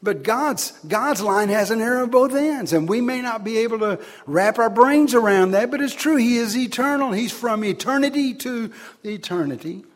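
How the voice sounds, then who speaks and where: A man preaching a sermon, swinging between loud, emphatic declarations and quiet asides. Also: very high-pitched, expressive, moderate pace.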